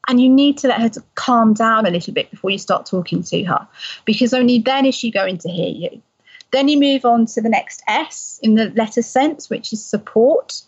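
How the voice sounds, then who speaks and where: A woman explaining parenting advice in a calm, gentle conversational way. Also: on the high side, normal speed, husky. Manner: calm, gentle, soothing when voicing a parent. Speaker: parenting expert guest. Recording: slightly dull lo-fi sound.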